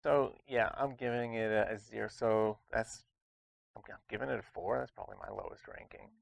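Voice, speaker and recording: A man's voice: lowish voice, a little fast, gravelly, dry recording. A man hosting a casual board game review, talking in a chatty, rambling way with lots of restarts. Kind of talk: casual chat.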